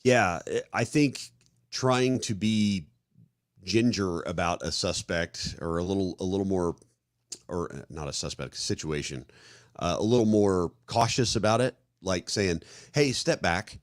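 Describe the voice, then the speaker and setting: Deep-voiced Midwestern man, rambling talk. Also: unhurried, dry recording, clean studio sound. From American Midwest. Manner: rambling, restarts often, acts out example scenarios. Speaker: podcast co-host. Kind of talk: casual conversational discussion.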